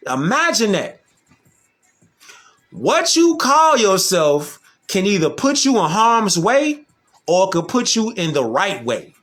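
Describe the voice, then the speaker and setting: Man, casual slangy monologue, emphatic, rhetorical questions, bright tone, faint background music. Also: sits high. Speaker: vlogger.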